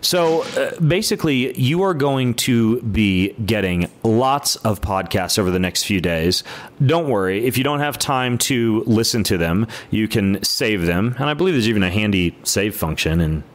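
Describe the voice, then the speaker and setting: A man's voice: fairly low pitch, animated, moderate pace. A man hosting a podcast intro, upbeat and teasing his co-host. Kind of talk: casual podcast intro chat.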